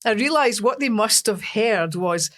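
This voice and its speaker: Scottish woman singer, chatty and self-deprecating, animated anecdotes. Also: medium pitch, a little slow. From Scotland. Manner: animated storyteller, self-mocking. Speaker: singer, interview guest. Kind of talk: casual interview storytelling.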